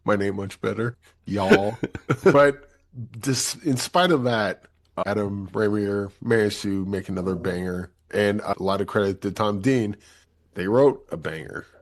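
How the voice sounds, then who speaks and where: A man's voice: fairly low pitch, measured pace. A man hosting a movie review podcast in casual chat, acting out quotes as he talks. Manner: animated, acts out quotes. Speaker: podcast host.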